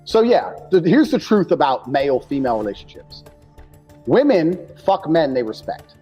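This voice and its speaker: A man's voice: on the high side, sing-song, moderate pace, dark tone, breathy edge, lo-fi sound, soft background music. A man talking bluntly and crudely, hammering his points by repeating them. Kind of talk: casual talk.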